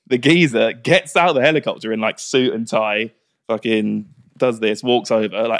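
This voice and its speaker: Young man, animated storyteller. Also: fairly low pitch, fairly quick. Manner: animated storyteller who acts out quotes. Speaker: podcast guest. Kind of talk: casual chat.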